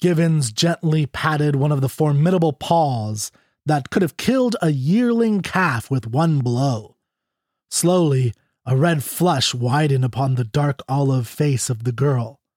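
Male narrator for a classic short story; measured, expressive, fairly high voice. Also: no echo, clean studio sound.

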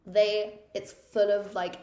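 A woman's voice: medium pitch, flat delivery, slow, warm tone. Chatty woman podcaster, roomy sound. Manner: chatty, many fillers and restarts. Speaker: podcast co-host. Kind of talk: casual history podcast chat. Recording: roomy echo.

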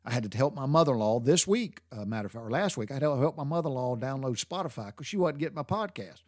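A middle-aged Southern man with a drawl, rambling through homespun stories and cussing casually as he goes. His voice sits at an ordinary pitch, and the sound is dry and close, with no room echo. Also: animated, fast, a little mellow. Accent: Southern American. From American South. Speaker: podcast host. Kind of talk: folksy storytelling monologue.

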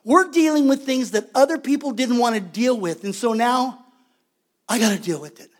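A man's voice: extremely high pitch, moderate pace. A man preaching a sermon as pastor, conversational and emphatic, repeating his points for weight.

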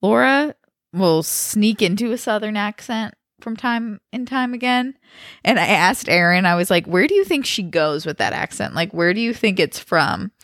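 A woman's voice: mid-range voice, moderate pace, dry recording, studio quality. A young woman co-hosting a podcast, chatting casually and cracking jokes from her living room. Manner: animated, jokey, quips to her co-host. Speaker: podcast co-host. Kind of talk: casual chat.

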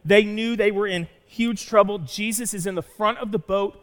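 A man preaching a sermon as pastor, telling a story with animated delivery and acting out the lines he quotes. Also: high-pitched, a little fast. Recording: long reverb of a church hall.

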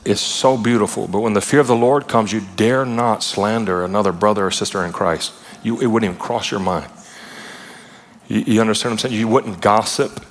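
Speaking in a fairly low voice, this preacher keeps his sermon relaxed and conversational, with lively asides and playful retellings. A big hall's lengthy reverb lingers behind every phrase.

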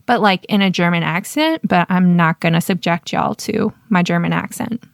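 Woman host, scripted personal storytelling, measured and wry, dry close sound. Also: fairly low pitch, creaky, no room sound. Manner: measured, self-deprecating storyteller. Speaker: podcast host.

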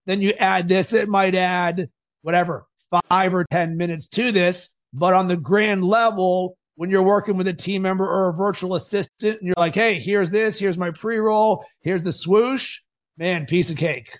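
A man hosting a podcast, coaching in an energetic, emphatic way. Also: high-pitched, normal speed, muffled recording.

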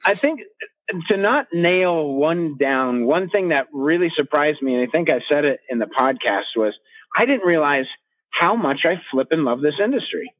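A man's voice: fairly high pitch, sing-song, normal speed, narrow, tinny audio. A man, a coach co-hosting a podcast, ranting in casual chat and swearing freely.

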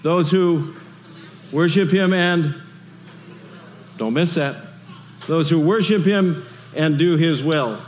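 Man, pastor, conversational sermon, rhetorical questions, higher voice, long reverb, faint background noise. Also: slow pace, long pauses.

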